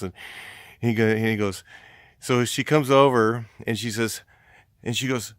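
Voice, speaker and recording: A man's voice: mid-range voice, measured pace, pauses often, no room sound, studio quality. A man, a house painter, telling a story casually, rambling with many restarts.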